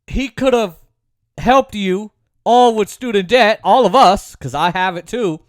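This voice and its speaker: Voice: medium pitch, a little slow, no echo, studio quality. A political commentary host giving a sarcastic, opinionated monologue, repeating points for emphasis. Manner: sarcastic, mocks opponents in put-on voices.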